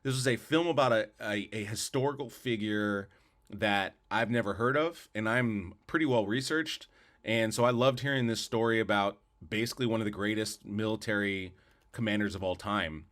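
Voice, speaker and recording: A man's voice: lowish voice, normal speed, a bit bright. Guy on a podcast rambling about movies, repeats himself a lot, pretty opinionated. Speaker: podcast co-host. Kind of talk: casual movie review chat.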